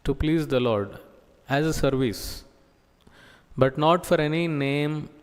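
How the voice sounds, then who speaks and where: A man giving a scripture class as a preacher, talking slowly with many pauses and fillers. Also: on the high side, clean tone, in a large hall. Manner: slow, halting delivery with many pauses and fillers. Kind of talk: sermon. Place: temple hall.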